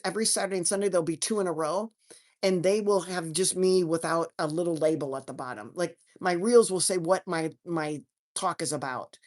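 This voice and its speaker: Chatty woman doctor with a lowish voice. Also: darkish tone. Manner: chatty and folksy, frequent restarts, homey slang. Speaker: doctor and health coach hosting a live Q&A. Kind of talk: casual live-stream chat answering viewers.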